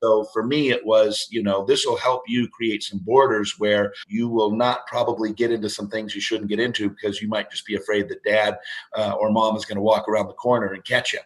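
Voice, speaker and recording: A man's voice: fairly low pitch, flat delivery, brisk, rough recording. A man in his fifties, a guest on a parenting show, talking casually and rambling with many fillers and restarts. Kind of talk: casual interview talk.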